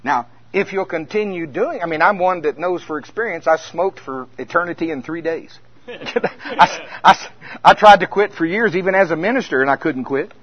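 Male preacher, storyteller who drops quiet then builds loud, muffled lo-fi audio. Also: fairly high pitch, moderate pace, breathy edge. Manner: storytelling, swings from hushed to loud. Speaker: minister. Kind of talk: conference sermon. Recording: dull lo-fi sound.

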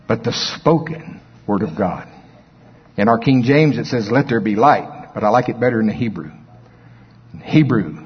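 A man preaching a sermon, telling stories with big swings from quiet murmurs to high, excited shouts. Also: husky. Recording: dull lo-fi recording with long hall reverb.

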